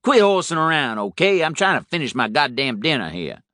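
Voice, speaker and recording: A man voicing an exasperated businessman talking on his cell phone, raised and lively. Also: a little high, brisk, dry recording, studio quality, pitched above the performer's own voice. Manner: brash, exasperated.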